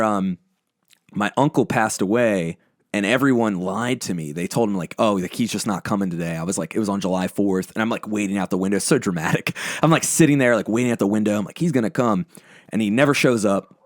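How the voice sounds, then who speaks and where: On a podcast, a young man who sings lead in a band talks casually but intensely, swearing a lot as he bluntly shares emotional personal stories. His voice is fairly low, and the recording is dry and studio quality.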